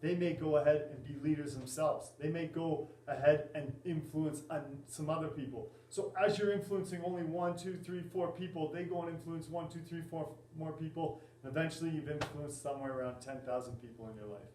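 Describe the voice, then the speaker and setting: Man giving a halting class talk. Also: on the high side, fairly even intonation, a little mellow, slight background noise. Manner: halting, many fillers and restarts. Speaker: student presenter and volleyball coach. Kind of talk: class presentation. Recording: echoey room, mic at a distance.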